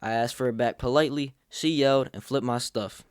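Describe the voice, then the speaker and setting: A man's voice: mid-range voice, fairly quick, smooth, no echo, clean studio sound. A young man hosting a comedic storytime vlog, telling it with sarcastic jokes. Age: young adult. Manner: sarcastic, jokey. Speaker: storyteller host.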